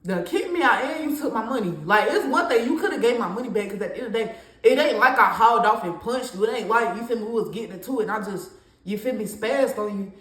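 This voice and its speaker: A young woman tells a personal story in a candid, conversational way. Her voice sits a little high. The recording has a noticeable room echo. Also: fast talker, a bit bright. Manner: candid, conversational, with laughs and slang. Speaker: storytime vlogger. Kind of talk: casual storytime monologue.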